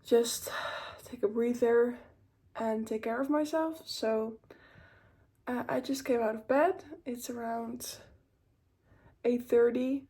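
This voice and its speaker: A woman's voice: on the high side, fairly even intonation, slow, pauses often, mellow, breathy edge. A young woman talking openly to the camera at home in a casual vlog, tired and a little tearful, with many fillers. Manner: open and emotional, many fillers. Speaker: vlogger.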